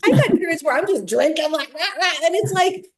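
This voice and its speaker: A woman with a high voice, chatting casually in a book group. She acts out her own reactions as she goes, and her voice rings with a roomy echo. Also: animated, a little fast, slight background noise.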